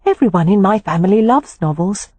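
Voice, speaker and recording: A woman reading an audiobook voices a lively, forthright young woman who talks in a high, eager, insistent way. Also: a little fast, no room sound, muffled recording, lightly acted. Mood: eager, playful.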